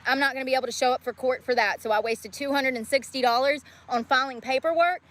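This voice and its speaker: A woman's voice: a little high, fairly bright tone. Fired-up woman ranting on the street. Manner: profane, combative, ranting. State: weary and in pain from walking. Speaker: homeless livestreamer. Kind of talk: angry livestream rant. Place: outdoors on a town street.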